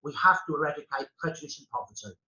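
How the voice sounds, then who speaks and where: Passionate Brummie man, bright and echoey. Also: fairly high pitch, animated, racing. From England. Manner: passionate, emphatic, repeats for emphasis. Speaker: historian guest. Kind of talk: conversational discussion. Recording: lo-fi with a roomy echo.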